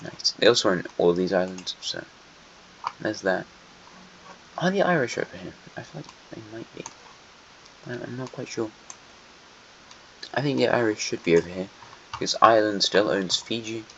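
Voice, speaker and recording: Rambling man, low voice. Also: lively intonation, normal speed, vocal fry, long pauses, fairly bright tone, slight background noise. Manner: rambling, self-correcting, wry asides. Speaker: host. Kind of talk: casual map commentary. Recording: dull lo-fi sound.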